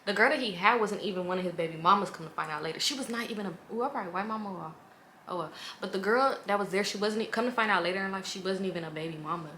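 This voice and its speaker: A woman in her twenties, vlogging a casual storytime in a blunt, profane, animated way, full of "like" and asides. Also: medium pitch, racing, a little hiss or hum.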